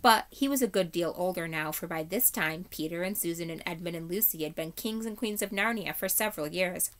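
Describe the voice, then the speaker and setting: A woman teacher reading a chapter book aloud to her class in a steady storytelling way. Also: fairly low pitch, brisk.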